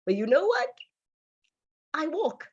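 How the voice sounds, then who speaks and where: A middle-aged Kenyan woman with a Kenyan accent, a radio manager giving a lively motivational talk and slipping into Swahili phrases. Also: high-pitched, takes it slowly, muffled recording.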